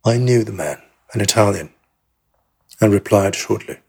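Male audiobook narrator, first-person memoir, measured, very husky, raspy. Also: on the low side, warm tone. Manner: measured, plain storytelling.

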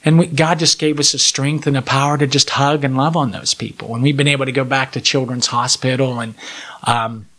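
A man's voice: medium pitch, steady tone, fairly quick, fairly bright tone. A man in his forties, sharing a heartfelt personal testimony as a podcast guest, earnest and emotional, with frequent restarts.

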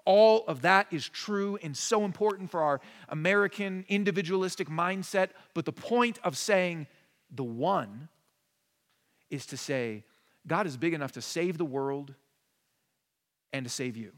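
A man in his thirties, a pastor, preaching a casual sermon that swings from hushed asides to emphatic high points. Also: measured pace. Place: church sanctuary. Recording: long church reverb.

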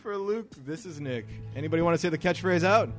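A man's voice: on the high side, lively intonation, quick pace, faint music behind. A man co-hosting a podcast in a casual, crude, joking chat, wrapping up the episode. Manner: joking, wraps up the show. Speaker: podcast co-host.

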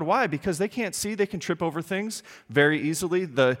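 A man's voice: fairly high pitch, fast. Emphatic male preacher in a reverberant hall. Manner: animated, emphatic, asks the congregation questions. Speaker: pastor. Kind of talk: sermon.

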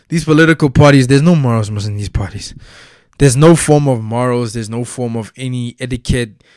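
A man's voice: medium pitch, no room sound, studio quality. A young South African man giving casual solo commentary, profane and heated, heavy with slang.

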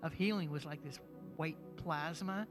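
A man with a slightly high voice shares a church testimony casually, circling back and filling pauses as he talks. Music plays clearly in the background the whole time. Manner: rambling, hesitant, many fillers. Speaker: congregation member sharing testimony.

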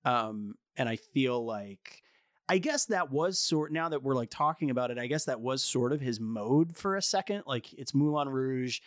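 A man's voice: medium pitch, lively intonation, moderate pace, no room sound, clean studio sound. A man co-hosting a casual film podcast who muses hesitantly, with many fillers and restarts. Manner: hesitant, filler-heavy musing. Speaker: podcast co-host.

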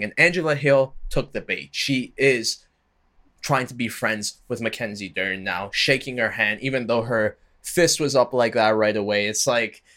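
A man hosting casual MMA video commentary, chatty and slangy with animated asides. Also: medium pitch, moderate pace.

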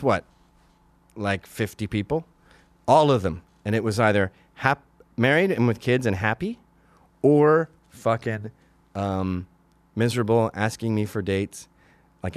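A man in his forties hosting a podcast, delivering a crude comedic monologue with sudden loud outbursts. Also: medium pitch, no room sound. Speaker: podcast host.

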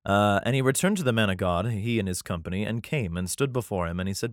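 A man's voice: fairly low pitch, animated, fast, hardly any pauses, dry recording, clean studio sound. A man casually reading scripture aloud and breaking off into profane, sarcastic commentary, sometimes stumbling and rereading lines. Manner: profane, sarcastic asides between read passages. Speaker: podcaster reading and commenting on the Bible.

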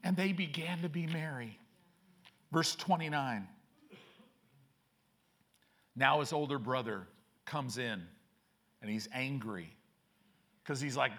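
A man preaching a sermon as pastor, reading scripture aloud with slow, emphatic phrasing. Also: a little high, animated, a bit bright.

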